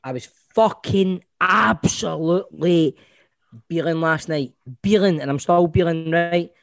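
A man's voice: a little high, measured pace, creaky, no echo, clean studio sound. A Scottish man co-hosting a podcast, talking football in a heated, insistent way. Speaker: podcast co-host. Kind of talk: casual football chat.

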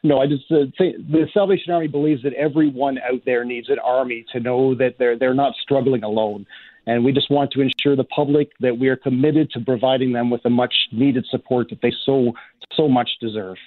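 A male charity officer being interviewed over the phone, earnest and measured, often restarting his sentences. The line is tinny and phone-like. The sound is completely dry. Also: mid-range voice, fairly even intonation, no room sound. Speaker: Salvation Army officer, guest.

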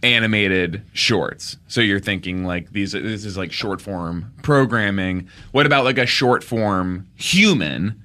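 A man co-hosting a comedy podcast, telling absurd made-up stories in a deadpan, straight-faced way. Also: lowish voice, a little slow, hardly any pauses. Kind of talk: deadpan improvised comedy chat.

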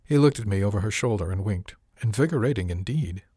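A man narrating a first-person story in a measured way, giving characters light voices. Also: fairly low pitch, dark tone, dry recording, studio quality. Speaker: audiobook narrator.

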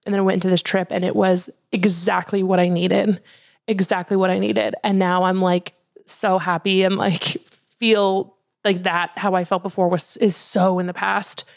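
Chatty young woman with gravelly fry. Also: mid-range voice, normal speed, no echo, clean studio sound. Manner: chatty, many fillers, animated. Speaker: podcast co-host. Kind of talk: casual chat.

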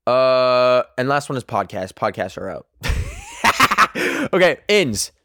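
A man's voice: mid-range voice, sing-song, moderate pace, heavy background noise. A man hosting a podcast, ranting casually and swearing a lot, rambling with many fillers. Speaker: podcast host. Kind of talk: casual opinion rant.

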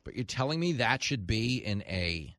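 A man hosting a comedic political talk radio show, talking in an animated way and acting out voices in quotes. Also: medium pitch, moderate pace, dry recording, clean studio sound. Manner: animated, acts out voices in quotes, rising to shouts.

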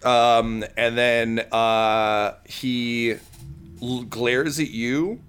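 A man narrating as game master of a tabletop game, halting and full of fillers. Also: mid-range voice, steady tone, a bit bright, clear, resonant tone. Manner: halting, full of ums and uhs.

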